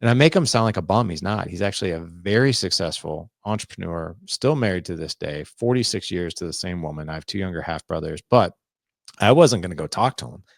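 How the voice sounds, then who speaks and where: A man's voice: low voice, animated, fairly quick, gravelly, no room sound, clean studio sound. A man in his forties, a podcast guest, telling a personal story candidly and earnestly, often acting out what people said. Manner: earnest, confessional storytelling with quoted dialogue.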